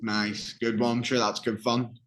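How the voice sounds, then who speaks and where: A man with an English accent teaching a language lesson, explaining vocabulary slowly and simply with patient, plain examples. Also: medium pitch, little pitch movement, fairly bright tone, a little hiss or hum, poor audio.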